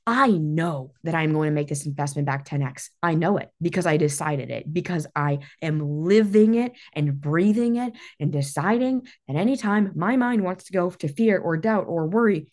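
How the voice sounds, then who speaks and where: A woman's voice: sits low, moderate pace, hardly any pauses, darkish tone. A woman hosting a solo motivational talk, intense and emphatic, swearing freely, her voice shaky with emotion. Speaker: podcast host and business coach.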